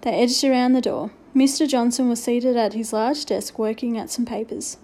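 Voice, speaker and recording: Woman narrator, storybook reading, mellow tone, slightly high voice, expressive. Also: normal speed. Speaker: audiobook reader.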